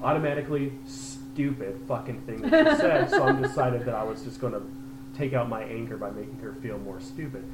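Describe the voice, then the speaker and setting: A man's voice: medium pitch, big pitch swings, fairly quick, reverberant, noisy background. A young man in casual chat, telling a story with a lot of swearing and laughing as he goes. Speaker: podcast co-host telling a story.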